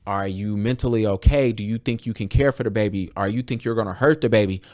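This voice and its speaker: A man's voice: on the low side, fast talker, darkish tone. A young adult American man hosting a podcast, talking candidly and bluntly with lots of swearing, acting out conversations in quotes. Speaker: podcast host. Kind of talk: candid casual podcast talk.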